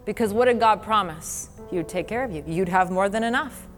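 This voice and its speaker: A woman's voice: medium pitch, fairly quick. A woman preacher delivering an earnest, conversational sermon, laughing now and then and quoting scripture. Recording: long hall reverb with faint music.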